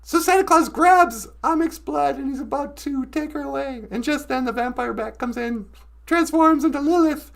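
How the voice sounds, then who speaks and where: A woman's voice: high voice, moderate pace, gravelly. A woman hosting and telling a children's story casually, playful and laughing, correcting herself as she goes. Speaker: storyteller host.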